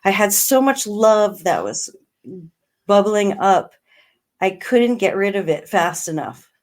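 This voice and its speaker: A middle-aged woman, a guest in an interview, telling a personal story in earnest, slowing down on emotional words and laughing now and then. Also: medium pitch, big pitch swings. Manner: earnest, slows right down on emotional words, laughs between lines.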